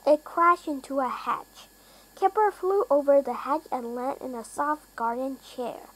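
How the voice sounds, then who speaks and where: A woman reading a children's storybook aloud, careful and deliberate. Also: high voice, lively intonation, a bit bright, rough recording. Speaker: reader.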